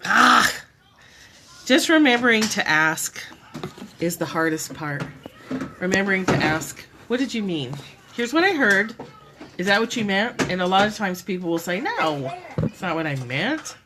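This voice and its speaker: A woman's voice: lowish voice, big pitch swings, moderate pace, noisy background. A woman hosting a casual live stream from home, musing aloud, correcting herself and laughing easily. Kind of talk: casual reflective chat. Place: home room. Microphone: propped-up phone or camera.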